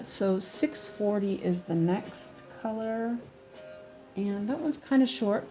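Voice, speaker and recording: A woman's voice: mid-range voice, a little mellow. A woman chatting casually while she cross-stitches at home, rambling with lots of fillers and restarts. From United States.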